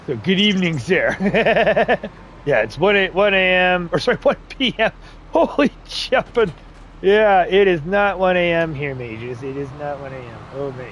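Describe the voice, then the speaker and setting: A man's voice: high-pitched, expressive, normal speed, fairly bright tone, slight background noise. A man hosting a live farming-game stream, chatting casually with viewers and joking with his in-game workers. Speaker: livestream host. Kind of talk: casual live gameplay chat.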